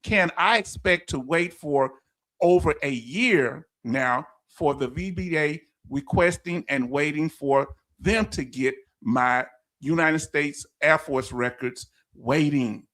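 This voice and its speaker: A man's voice: fairly high pitch, slow, a bit bright. A man with a Southern US accent hosting a casual livestream. He reads viewer comments aloud, laughs easily and stumbles over words. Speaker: livestream host.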